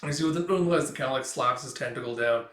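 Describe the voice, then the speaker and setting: A man's voice: medium pitch, racing, a bit bright. A man casually retelling a comic aloud, rambling with lots of fillers. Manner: rambling, filler-heavy paraphrasing. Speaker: manga reader and reviewer. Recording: roomy, distant mic.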